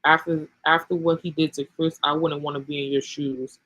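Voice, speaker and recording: A man voicing a blunt, pitying female friend who talks in a flat way. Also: on the high side, normal speed, no echo, lo-fi sound.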